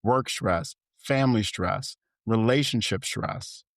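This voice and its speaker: A man hosting a solo podcast as a life coach, speaking in an earnest, gentle and reflective way, and rising in emphasis as he lists points. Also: fairly low pitch, takes it slowly, gravelly, no room sound, studio quality.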